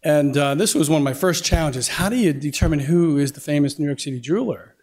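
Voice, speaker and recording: A man speaking in a fairly high register, chatty and folksy. He tells a story to an audience in a lecture hall and acts out the dialogue as he goes. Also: fast talker, darkish tone, husky. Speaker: guest speaker.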